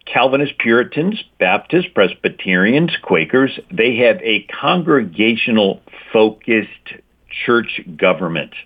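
A man giving an emphatic talk on church history, explaining points and checking in with "right?". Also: fairly low pitch. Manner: lecturing, repeats key points with "right?". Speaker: guest speaker on Christian history. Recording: tinny phone-like line.

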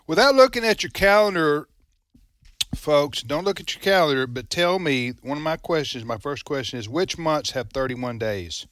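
A man's voice: a little high, animated, normal speed, fairly bright tone, no room sound. A man hosting a radio trivia segment, teasing his co-hosts with dry humor. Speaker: radio host. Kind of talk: casual radio chat.

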